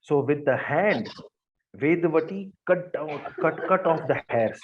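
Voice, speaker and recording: A man's voice: on the high side, expressive, slow, pauses often, slight background noise. Man telling a devotional story plainly. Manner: simple, repetitive phrasing with restarts. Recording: dull lo-fi recording.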